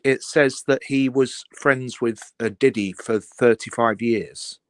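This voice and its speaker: A man's voice: mid-range voice, steady tone, slow pace, dry recording. Polite, methodical man caller, dry sound. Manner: methodical, polite, lays out details. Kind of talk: casual call-in chat.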